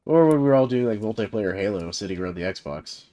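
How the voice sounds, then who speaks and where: A man in his thirties with a Southern American accent rambles casually while gaming on a livestream he hosts, full of fillers and chuckles. His voice is fairly low, expressive and fast with a dark tone, and the audio sounds dull.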